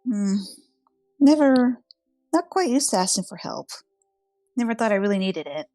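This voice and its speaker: A woman's voice: on the high side, lively intonation, normal speed, dark tone, no room sound, soft background music, close to an everyday voice. Woman playing Jezebel, wary fond warrior. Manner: calls others "dear", teasing and fond. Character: self-assured woman warrior, wary but affectionate.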